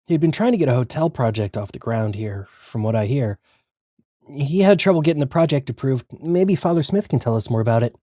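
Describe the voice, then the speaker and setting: A man voicing a calm, soft-spoken male coffee shop owner in a game. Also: medium pitch, fairly quick, dry recording, clean studio sound, close to an everyday voice.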